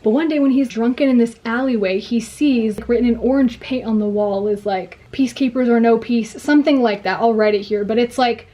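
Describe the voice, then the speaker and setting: Young woman, book vlogger, mellow-toned, gushing, excitable retelling while doing her makeup. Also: fairly high pitch, a little fast, hardly any pauses. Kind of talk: get-ready-with-me book chat.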